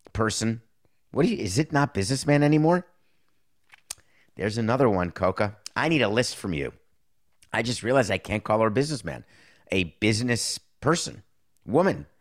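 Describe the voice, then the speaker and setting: A middle-aged man hosting a casual talk show, riffing sarcastically on movies and sports, jumping between loud outbursts and muttered asides. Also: lowish voice. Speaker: show host.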